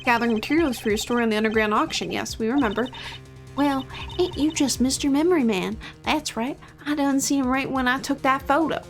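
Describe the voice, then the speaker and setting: A woman's voice: high voice, a little fast, soft background music. A woman voicing a brash female photographer in a drawling, folksy Southern US accent, in a video game read-along. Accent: Southern US put-on.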